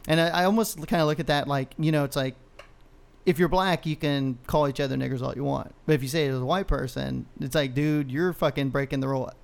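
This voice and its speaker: A man's voice: fairly high pitch, fast, gravelly. A man co-hosting a podcast, ranting in casual chat, heavy on profanity and rambling stories. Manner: profane, ranting, animated storyteller. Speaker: podcast co-host.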